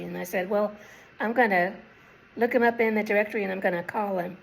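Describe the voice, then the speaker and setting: A woman in her sixties speaks to camera in a relaxed, unhurried way, her voice gravelly with a touch of fry. She pauses often to remember details. Her pitch sits in a middle range. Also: a little hiss or hum, rough recording. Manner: unhurried, reflective, pausing to recall details. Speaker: vlogger. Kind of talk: casual personal storytelling.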